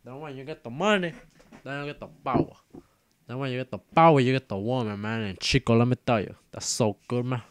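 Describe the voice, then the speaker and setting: A swaggering, boastful gangster boss put on by a man in a gaming video, drawling and tacking "man" or "okay" onto each phrase. The voice sits at an ordinary middle pitch for a man. It comes across as a cocky tough-guy impression. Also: brisk, no room sound, close to an everyday voice.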